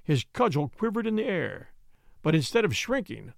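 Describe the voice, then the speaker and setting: A man narrating a classic detective story in an expressive, dramatic way. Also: fairly high pitch, normal speed, creaky, dry recording, clean studio sound. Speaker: audiobook narrator.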